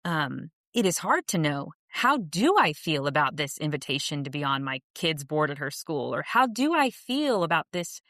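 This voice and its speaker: A woman with a fairly low voice talks through ideas on a podcast, earnest and reflective, often restarting her sentences. The sound is dry and close, with no room around it. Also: fairly bright tone, no echo. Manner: earnest and reflective, many restarts, laughs easily. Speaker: podcast guest, author and coach. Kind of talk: casual interview conversation.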